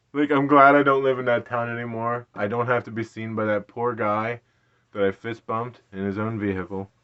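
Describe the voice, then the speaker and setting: A man's voice: medium pitch, steady tone, moderate pace, smooth. Guy in his late 30s rambling thru an embarrassing story, laughs a lot, kinda muffled lo-fi sound. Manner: rambling, self-deprecating, laughs often. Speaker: vlogger. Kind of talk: casual storytelling.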